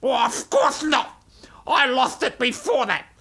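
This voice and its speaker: A man voicing a grumpy young male ant in a children's storybook, speaking in a sulky, high, raspy voice. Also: expressive, a little slow, pushed and bright, full character voice. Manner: whiny and sulky.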